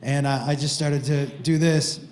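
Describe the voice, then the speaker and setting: A middle-aged man doing stand-up, telling crude stories in a playful, animated way with sudden loud outbursts. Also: on the high side, moderate pace. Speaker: stand-up comedian. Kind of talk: stand-up storytelling. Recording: roomy echo with faint noise.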